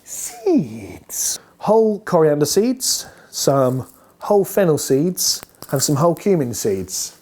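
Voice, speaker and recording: A man's voice: on the high side, big pitch swings, unhurried, darkish tone. A man hosting a cooking video, talking casually and playfully while he cooks in a home kitchen. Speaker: cooking show host. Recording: clear frying noise behind voice. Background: frying and sizzling pan sounds.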